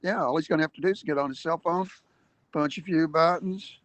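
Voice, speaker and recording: A man speaks earnestly on a livestream, laying out his argument step by step and pressing hard on key points between hesitant fillers. His voice sits slightly high for a man, and the sound is close and dry with no room echo. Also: steady tone, fairly quick, a bit bright. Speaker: activist speaker. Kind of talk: livestream advocacy talk.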